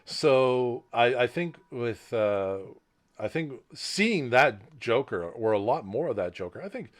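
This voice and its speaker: A man's voice: medium pitch, expressive, takes it slowly. A man co-hosting a podcast in casual chat, rambling and repeating words as he restarts, on a laptop mic. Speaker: podcast co-host.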